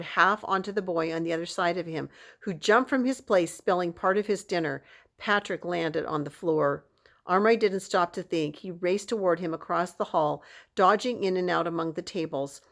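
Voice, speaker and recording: A woman reading a children's novel aloud in a steady, expressive storytelling manner. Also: on the low side. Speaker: audiobook reader.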